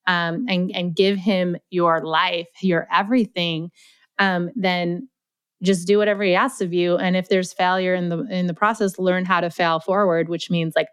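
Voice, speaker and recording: A young adult woman as a podcast guest, chatting and telling stories in a lively way, with lots of "like" fillers. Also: on the low side, normal speed, clear, resonant tone, no room sound. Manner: chatty, animated, heavy use of "like". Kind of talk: casual storytelling interview.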